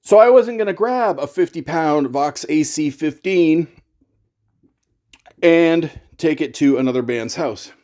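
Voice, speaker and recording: A middle-aged man talks through his gear in a loose, rambling vlog. His voice sits a little high for a man. He keeps it chatty and pokes fun at himself as he goes. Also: animated, a little slow, darkish tone. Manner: rambling, chatty, self-deprecating. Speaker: YouTuber and pedal demo host.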